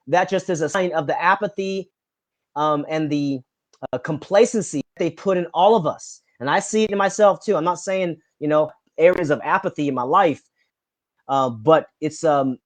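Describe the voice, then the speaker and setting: A man's voice: a little high, no room sound. A man talking as a podcast guest in casual conversation, earnest and passionate, with thoughts that wander from point to point.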